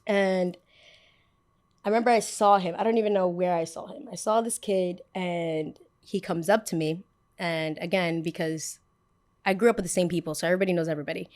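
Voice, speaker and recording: A woman's voice: lowish voice, fairly quick. Sassy young woman telling a story. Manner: animated, sassy, acts out both sides of a story. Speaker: podcast host. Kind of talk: casual storytelling.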